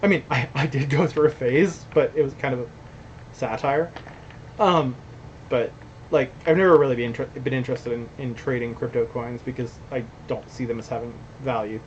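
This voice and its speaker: A man's voice: medium pitch, moderate pace. Young man, blunt rambling streamer talk, slightly dull audio, faint hiss. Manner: blunt, rambling, swearing, laughing asides. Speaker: company founder hosting a stream. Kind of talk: casual streamed commentary with chat reading.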